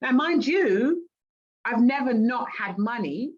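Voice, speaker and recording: A middle-aged woman from Great Britain talks as a guest in an interview, telling stories and playing out the voices she quotes. Her voice sits a little high, and the recording sounds dull and lo-fi. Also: takes it slowly. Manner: animated, acts out quoted voices. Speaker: guest life coach. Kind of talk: casual interview storytelling. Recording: dull lo-fi audio.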